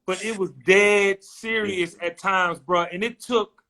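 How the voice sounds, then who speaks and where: A man's voice: sits high, steady tone, a little slow, sharp tone. A man hosting a casual livestream chat, speaking in an effusive, admiring way. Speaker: host.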